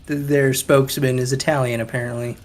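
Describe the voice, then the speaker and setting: A man's voice: medium pitch, flat delivery, a little fast, slight background noise. A man chatting with friends during a game stream, making dry teasing jokes. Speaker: co-player friend. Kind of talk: casual gaming chat.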